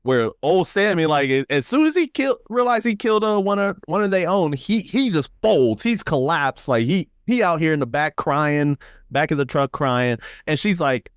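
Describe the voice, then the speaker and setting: A podcast co-host dramatically retelling an emotional scene in casual chat. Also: male voice, moderate pace, smooth, dry recording, clean studio sound. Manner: expressive, dramatic retelling with big pitch swings.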